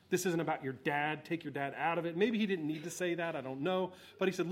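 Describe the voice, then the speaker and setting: Male pastor, sermon delivery, emphatic, fairly high voice, dynamic. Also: quick pace. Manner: emphatic, swings between loud exhortation and quiet asides.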